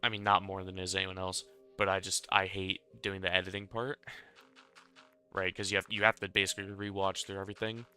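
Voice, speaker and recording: A young man with a bright, sharply present voice that stays smooth and clean, talking loosely over his gameplay. He rambles between tasks and pokes fun at himself, with a soft bed of music playing underneath. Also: low voice, little pitch movement, fairly quick. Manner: rambling, self-deprecating, chuckles often. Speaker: Minecraft building creator. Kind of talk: casual gameplay commentary.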